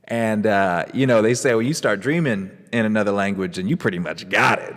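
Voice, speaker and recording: A man with a lowish voice tells a personal ghost story in a loose, rambling way. He hosts the show and keeps dropping in casual fillers. A long reverb trails after his words. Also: brisk, few pauses. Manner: rambling, laid-back, lots of fillers. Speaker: podcast host.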